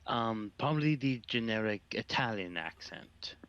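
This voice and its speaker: A man guest on a voice-call podcast, answering quietly and hesitantly. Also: medium pitch, expressive, a little slow, highs cut off. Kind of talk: casual group chat over voice call.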